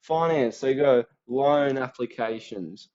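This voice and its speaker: A man's voice: mid-range voice, a little slow, a little mellow, muffled recording. A young Australian man in his late teens giving a casual, slangy exam revision rundown, acting out little quoted voices as he goes.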